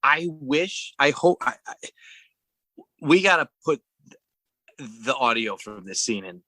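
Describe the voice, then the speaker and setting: A man with a bright, forceful voice chats through a movie recap on a podcast, rambling and restarting as he goes. The sound is close and dry, with no room tone. He acts out bits of dialogue while he retells the plot. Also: medium pitch, big pitch swings, slow, no echo, poor audio. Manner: rambling retelling with acted-out quotes, frequent restarts. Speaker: podcast co-host. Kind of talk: casual movie recap chat.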